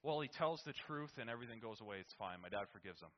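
A man's voice: mid-range voice, animated, rapid-fire, dull audio. Rambling man telling a story. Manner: rambling with many restarts and "right?". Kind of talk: casual spoken anecdote.

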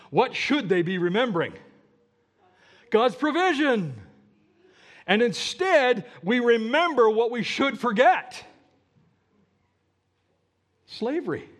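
A middle-aged man preaching a sermon as pastor, animated and asking the congregation rhetorical questions. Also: very high voice, slow, pauses often. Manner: animated, rhetorical questions, mock-whiny quoting.

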